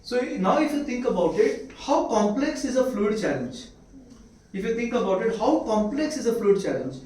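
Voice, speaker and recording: A man with an Indian accent gives a medical lecture, constantly quizzing his students with rhetorical questions. His voice sits high with a darkish tone, big pitch swings, and a normal speed. The room is echoey, the mic far away, and there's a faint hiss.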